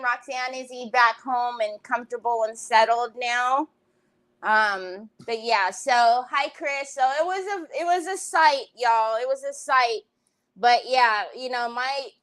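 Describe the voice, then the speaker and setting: A high-pitched woman hosts a craft livestream from her home. She chats casually and warmly with viewers, greeting them by name as she goes. Her talk breaks into loud laughs and sudden exclamations. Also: low-quality recording. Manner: chatty, greets viewers by name between stories. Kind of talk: casual chat to live viewers.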